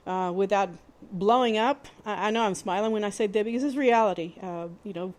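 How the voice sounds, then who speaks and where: A woman hosting a podcast, telling a personal story in a candid, plainspoken way, with halting restarts and fillers. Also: mid-range voice, darkish tone. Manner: candid and plainspoken, with mild swearing. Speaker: podcast host.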